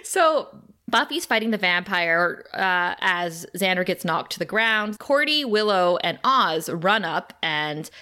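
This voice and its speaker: Woman co-host, bright tone, animated and quick to laugh, casual swearing. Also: lowish voice, smooth. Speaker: podcast co-host. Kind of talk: casual chat.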